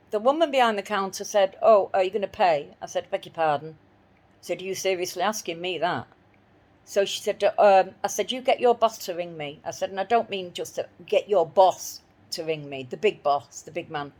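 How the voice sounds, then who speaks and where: Annoyed woman telling a story, keeps repeating herself, mid-pitch voice. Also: animated, normal speed, darkish tone. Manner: indignant, retells arguments with repeated phrases. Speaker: dog owner telling her story. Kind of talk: spoken personal account.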